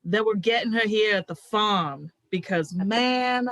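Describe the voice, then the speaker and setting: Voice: mid-range voice, measured pace, fairly bright tone, no room sound, rough recording. A non-actor voicing a gossipy female prison officer in an amateur live script reading over a video call, with hesitant, unpolished delivery. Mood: confiding. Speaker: script reader.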